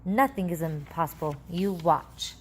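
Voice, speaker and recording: An eccentric, excitable chocolate-maker, voiced by a woman reading a storybook aloud. He talks fast, eagerly and commandingly, in a rather low voice with quick bursts. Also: slightly rough. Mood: excited. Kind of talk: children's book read aloud.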